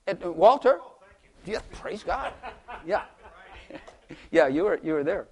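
A man's voice: high-pitched, big pitch swings, normal speed, long pauses, darkish tone, breathy edge. An older man preaching a rambling, folksy sermon to his congregation, chuckling and repeating words as he goes. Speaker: pastor.

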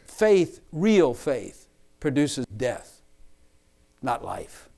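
A man's voice: medium pitch, very animated, very slow, gravelly, dark tone. A man preaching a sermon to his church, emphatic, repeating and rephrasing lines for stress.

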